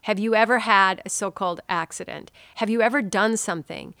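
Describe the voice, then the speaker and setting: A woman hosting a podcast, telling a personal story in an animated, expressive way and dropping to a soft hush now and then. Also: medium pitch, fairly quick, no room sound, studio quality. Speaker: podcast host. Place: home.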